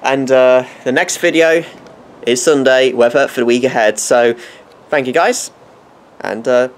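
A man's voice: medium pitch, unhurried, slight background noise. A man presenting a homemade weather forecast in a put-on American accent, rambling and often restarting and correcting himself mid-sentence.

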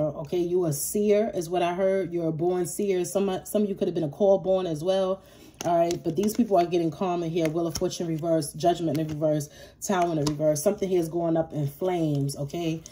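Woman tarot reader, mellow lowish voice, blunt and swearing, faint hiss behind. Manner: blunt, profane, emphatic and repetitive. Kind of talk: casual tarot reading.

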